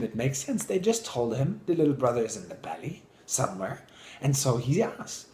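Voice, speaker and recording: A man telling stories to an audience in an enthusiastic, animated way. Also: mid-range voice, reverberant, a little hiss or hum. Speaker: public speaker. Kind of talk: storytelling talk to an audience.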